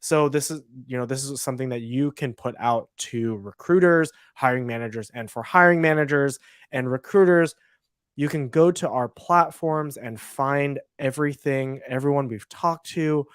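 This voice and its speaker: A man's voice: medium pitch, normal speed, clean tone, dry recording, clean studio sound. A man co-hosting a live-stream podcast, chatting loosely and laughing often. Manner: loose, laughing, rambling with restarts. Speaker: podcast co-host. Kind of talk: casual live-stream chat.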